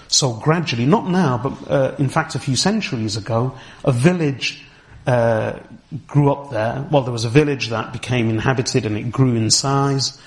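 A middle-aged man giving a deliberate religious lecture, explaining history and careful Arabic terms as a teacher. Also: medium pitch. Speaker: Islamic teacher.

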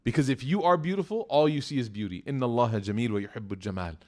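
A man's voice: mid-range voice, rapid-fire. A man giving a sermon, acting out the voices in his stories with humor, then exhorting earnestly. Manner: acts out story voices, animated and joking. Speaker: preacher. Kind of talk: storytelling sermon.

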